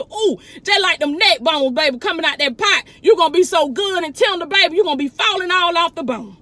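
Southern woman motivational speaker, high voice, fervent sermon-style preaching, recorded on a phone. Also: lively intonation, brisk, few pauses, bright, forceful tone, dry recording. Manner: fervent preaching, calls listeners "baby", exclaims "glory be to God". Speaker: motivational speaker and life coach. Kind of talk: preaching to online viewers. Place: inside a truck.

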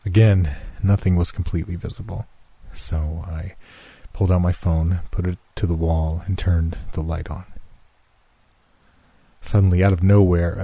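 A man narrating a first-person scary story in a slow, measured, suspenseful reading. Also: low-pitched, warm tone, no echo.

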